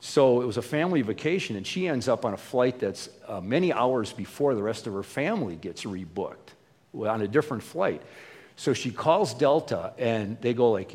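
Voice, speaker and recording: Man preaching, husky voice, casual storytelling, long hall echo. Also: mid-range voice, animated, normal speed, a little mellow. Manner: conversational storytelling with fillers and restarts. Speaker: pastor. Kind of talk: sermon.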